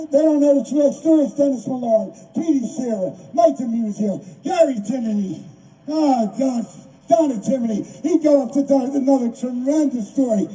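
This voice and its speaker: Older philly guy at an outdoor rally, high pitched but dark, gets emotional and repeats himself, kinda far off. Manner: emotional, repetitive, raises voice. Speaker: rally speaker. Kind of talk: impassioned outdoor rally speech. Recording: distant mic, faint background noise.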